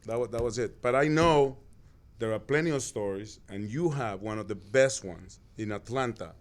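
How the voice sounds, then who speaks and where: A man's voice: lowish voice, moderate pace. A man co-hosting a talk show, telling an anecdote in a chatty way, repeating words and restarting his sentences. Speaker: co-host. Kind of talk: casual podcast chat.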